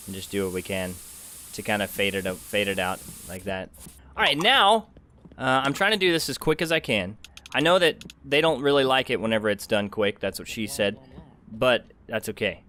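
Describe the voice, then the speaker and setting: A man hosting a let's play, chatting to himself as he plays and swinging between loud outbursts and quiet mumbling. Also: medium pitch. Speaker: gaming channel host.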